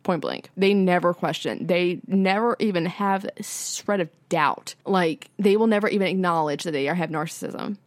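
A woman with a fairly low voice tells her own story in a casual podcast chat. She is candid, swears freely and fills her talk with "like". The sound is dry and close. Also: moderate pace, few pauses, no echo. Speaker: podcast guest.

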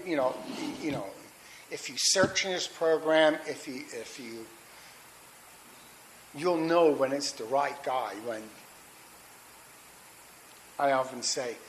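A middle-aged man shares his recovery story at a meeting in a mid-range, fairly bright voice. The testimony is candid and rambling, with restarts and fillers, and the low-quality recording carries a faint hiss.

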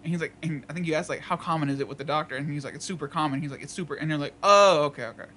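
Animated man with a slightly higher voice telling a story; faint room ambience. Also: rapid-fire, slight background noise. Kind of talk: casual chat among friends.

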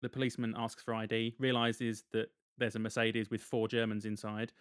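A man's voice: lowish voice, flat delivery, fairly quick, no echo. A man, casually retelling a film's plot on a podcast with dry humor and frequent laughs. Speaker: podcast co-host recapping a film. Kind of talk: casual chat.

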